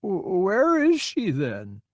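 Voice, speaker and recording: A man's voice: sits high, huge pitch swings, dry recording, voice pushed up, full character voice. A man voicing a frail, confused old man who speaks in a wavering, hesitant way. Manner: quavering, hesitant, slow.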